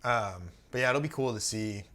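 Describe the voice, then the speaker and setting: A young man talks in a relaxed, unhurried way on a casual podcast. He often pauses on fillers and trails off between thoughts. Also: on the low side. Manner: relaxed, easygoing, halting with fillers. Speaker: podcast co-host. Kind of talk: casual sneaker chat.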